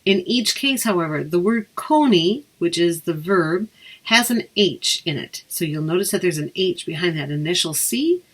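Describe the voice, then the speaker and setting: A woman with a slightly low voice leads a beginner lesson. She is patient and slows down to repeat each phrase for her listeners. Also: expressive, husky. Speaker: Irish language teacher. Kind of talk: language lesson.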